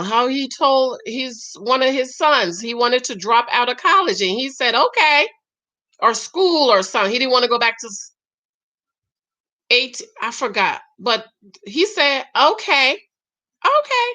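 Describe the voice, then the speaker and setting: A woman's voice: on the high side, moderate pace, bright, forceful tone. A woman vlogger chatting casually while reading viewer comments, emphatic and talkative, often adding "okay?". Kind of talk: casual live-stream chat.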